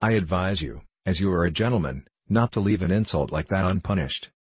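Guy doing a sly joking playwright, egging people on, low husky voice. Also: fairly quick, dry recording. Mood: teasing. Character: witty, mischievous male playwright. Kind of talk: audiobook character reading.

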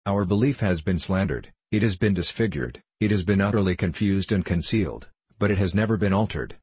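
A young male anarchist orator, declaiming in a low, penetrating voice that runs very deep, as an audiobook narrator puts him on. His tone is husky and dry, close to the mic, and he builds his case in rhetorical, impassioned periods. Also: brisk, a little mellow, dry recording. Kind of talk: audiobook character voice.

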